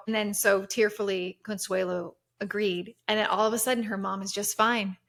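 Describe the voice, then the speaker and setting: A woman's voice: medium pitch, fairly even intonation, normal speed, gravelly, few pauses, a bit bright. Chatty woman podcast host telling history. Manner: chatty storytelling with many fillers and restarts. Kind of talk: casual chat.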